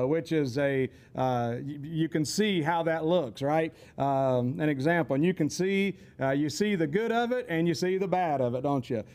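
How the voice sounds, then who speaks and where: A man's voice: sits high, darkish tone. A man giving a casual, folksy teaching talk, rambling with chuckling asides. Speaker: teacher on temperaments.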